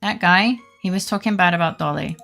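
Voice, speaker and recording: A woman's voice: fairly low pitch, fairly quick, gravelly, a bit bright. A woman voicing a nervous young male college student on trial, reading his lines in an earnest, pleading way over faint game music. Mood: flustered.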